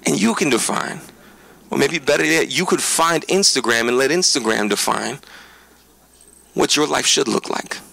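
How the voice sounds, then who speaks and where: A male pastor giving a conversational sermon, earnest and emphatic, talking straight to his listeners with quick restarts. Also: mid-range voice, creaky, pushed and bright, low-quality recording. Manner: quick preaching with frequent restarts.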